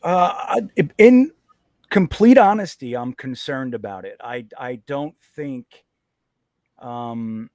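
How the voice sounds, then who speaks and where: A man, a father, giving blunt, halting opinions and self-mocking jokes on a casual panel. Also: mid-range voice, expressive, a little mellow, dry recording, clean studio sound. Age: adult with children.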